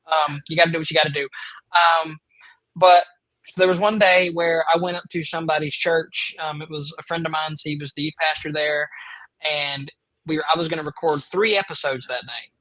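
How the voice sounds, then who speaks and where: Rambling man, fairly high voice. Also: fairly even intonation, fairly quick, pushed and bright, no room sound, low-quality recording. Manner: rambling, filler-heavy, eager. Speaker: podcast host. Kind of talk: casual storytelling chat.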